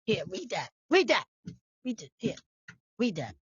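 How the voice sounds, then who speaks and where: A woman voicing a blunt, fed-up female official who is quitting, in a low, dismissive tone. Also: wildly swooping pitch, unhurried, husky, no room sound, dull audio, full character voice.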